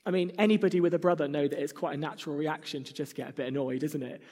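A man's voice: fairly high pitch, steady tone, racing, mellow. A man preaching a sermon, earnest and conversational, now and then acting out a whiny child. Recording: reverberant hall.

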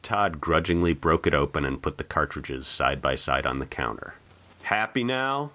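A man reading his own short story aloud in an expressive, animated narration. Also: rumbling low, moderate pace. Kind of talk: audiobook narration.

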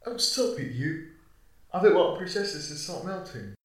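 A man voicing an irritable female humanoid robot politician who scolds loudly. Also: high-pitched, sing-song, normal speed, heavy reverb, recorded from a distance. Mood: indignant. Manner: indignant, scolding.

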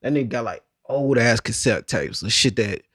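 A man's voice: mid-range voice, expressive, moderate pace, fairly bright tone, no echo, clean studio sound. A man co-hosting a podcast, telling stories loosely and laughing often. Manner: laughs a lot, loose storytelling. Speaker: podcast co-host. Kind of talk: casual chat.

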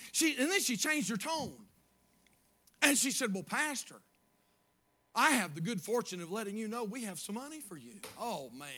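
A man preaching a sermon as pastor, moving from quiet storytelling to shouted praise. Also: sits high, slight background noise.

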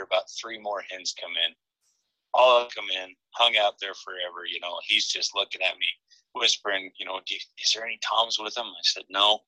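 A man on a podcast as a guest, telling a story in a casual, animated way and often laughing. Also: sits low, no room sound, rough recording.

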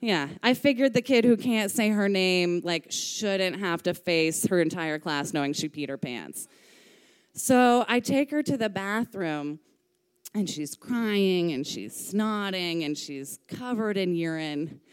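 A woman's voice: fairly low pitch, animated, slow pace, clean tone. A woman telling a comic personal story, chatty, swearing freely and acting out the voices she quotes.

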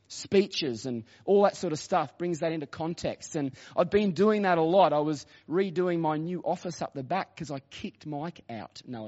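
A man's voice: on the high side, a little mellow. A man, a senior pastor telling stories in a sermon and quoting himself and others in a chatty way. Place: church auditorium. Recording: dull reverberant church hall recording.

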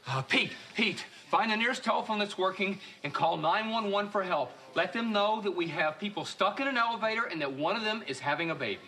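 A flustered high-voiced school principal. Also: male voice, animated, a little fast, few pauses. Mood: urgent. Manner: urgent, commanding. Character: flustered middle-aged male school principal. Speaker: sitcom character. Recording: sitcom clip with loud audience laughter and noise.

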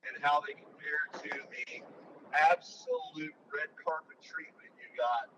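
A man co-hosting a podcast from a moving vehicle, talking in a casual, teasing way with drawn-out fillers. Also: on the high side, bright, forceful tone, muffled recording, a little hiss or hum. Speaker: podcast co-host. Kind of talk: casual chat.

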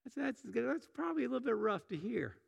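A man's voice: extremely high pitch, big pitch swings, fairly quick, gravelly, husky. A middle-aged man preaching a sermon in a church, conversational, often restarting and repeating words. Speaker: pastor. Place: church sanctuary. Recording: long hall reverb.

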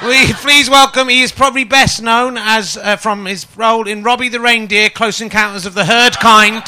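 A man's voice: very high-pitched, steady tone, normal speed, bright, forceful tone, slight background noise. A man hosting a podcast, chatting casually with a guest, jokey and self-mocking, laughing often. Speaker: podcast host. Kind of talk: casual interview chat.

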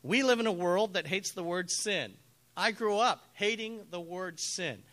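A man preaching a sermon as pastor, telling stories with animated acted-out quotes. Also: sits high, a little slow. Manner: animated storytelling, acts out quoted voices.

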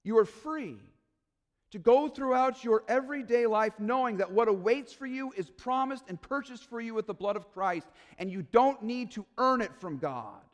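High-voiced earnest preacher in a reverberant church. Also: male voice. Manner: earnest, pleading, builds to emphatic peaks. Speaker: pastor. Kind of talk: sermon.

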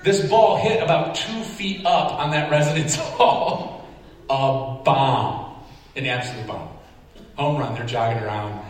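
A man preaching a sermon, telling a story with animated, self-deprecating humor and acting out his reactions. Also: medium pitch, a little slow. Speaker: pastor. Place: large church sanctuary. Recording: echoey hall, distant mic, faint noise.

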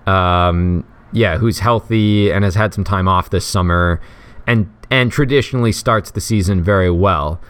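A man co-hosting a podcast, talking loosely and joking, with many ums and restarts. His voice sits low and sounds smooth and resonant. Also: unhurried. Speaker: podcast co-host. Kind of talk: casual chat about fantasy football.

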